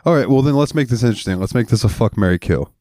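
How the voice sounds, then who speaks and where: A man's voice: medium pitch, lively intonation, very fast, warm tone, dry recording, clean studio sound. A man co-hosting a casual podcast, talking in a laid-back, rambling way and laughing easily. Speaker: podcast co-host. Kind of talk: casual chat.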